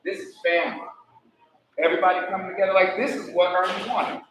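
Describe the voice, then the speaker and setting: A man giving a memorial eulogy, telling animated stories with laughter and mimicking the deceased. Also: sits high, fast talker, noisy background. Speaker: eulogy speaker. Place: memorial service hall. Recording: echoey hall, voice from far off.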